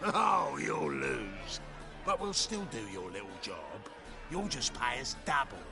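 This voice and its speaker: A man's voice: mid-range voice, sing-song, measured pace, gravelly. An actor voicing a brash, boastful male pit fighter who talks crude and cocky, in video game acting. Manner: loud hollering showman, crude and cocky. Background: game music.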